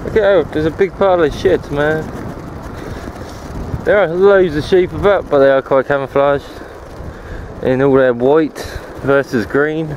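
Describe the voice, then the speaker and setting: Male cycle-touring vlogger, slightly high voice, loose and profane, talking to a handheld camera outside with faint background noise. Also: fairly even intonation, unhurried, a little mellow, highs cut off. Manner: rambling, swears freely. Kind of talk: casual chat while riding. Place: outdoors on a rural cycle path. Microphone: handheld camera while cycling one-handed.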